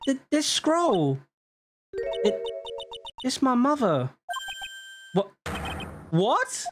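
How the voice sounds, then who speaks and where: Woman reading a teen girl medium, lively pitch swings, close to her own voice. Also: drawn-out words, over music, full character voice. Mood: shaken.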